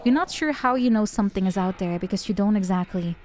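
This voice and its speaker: A woman's voice: mid-range voice, quick pace, a little mellow. Chatty, giggly woman streamer, Dutch native. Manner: chatty, giggly, self-mocking. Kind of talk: casual gaming commentary, reading game text aloud.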